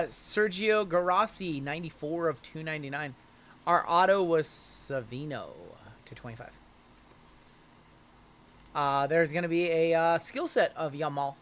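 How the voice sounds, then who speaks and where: A man's voice: a little high, fairly bright tone, slight background noise. A man hosting a live card break stream, rattling off names and teams in a loose, chatty way with plenty of fillers.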